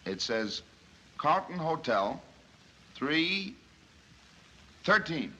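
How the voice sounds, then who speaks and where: Brash old-movie cop boss, barks orders, bright sharp voice, jumpy pitch. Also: male voice, big pitch swings, extremely slow, heavily acted, poor audio. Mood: gruff. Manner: gruff, wisecracking, barking orders. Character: brash, impatient middle-aged male police inspector. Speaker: police inspector. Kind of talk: 1930s film acting.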